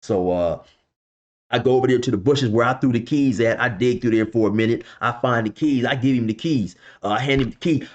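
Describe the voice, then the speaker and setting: A man's voice: mid-range voice, fairly quick, dull audio. A man casually telling a story from his past in loose slang, filling it with "you know" and "man.". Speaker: vlogger telling a street story.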